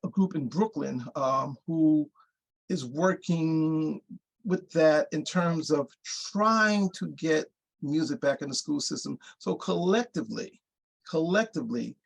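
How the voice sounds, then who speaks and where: A man's voice: fairly high pitch, measured pace, creaky, husky, low-quality recording. An older man from New York, a bandleader and guest, explaining things earnestly and at length in an interview. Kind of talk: interview conversation.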